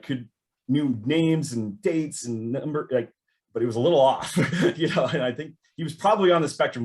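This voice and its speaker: A middle-aged man, a former intelligence analyst, telling a story in conversation, laughing often and acting out the voices of others. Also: medium pitch. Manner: animated, laughs often, acts out quoted voices.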